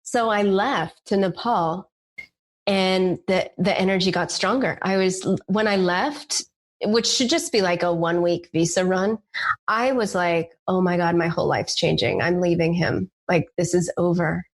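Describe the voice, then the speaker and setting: Woman, lower voice, emotional storyteller, casual and candid. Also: normal speed. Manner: emotional, candid, lots of "like" fillers. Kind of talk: personal storytelling.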